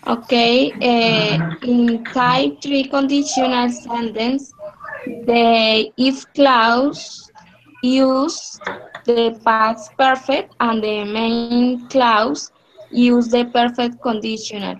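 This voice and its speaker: Female student reader, video call, very slow, halting and careful, slightly high voice. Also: steady tone, low-quality recording. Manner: halting, careful reading with restarts. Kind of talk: reading aloud in class. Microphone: computer mic on a video call. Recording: faint background noise on a call.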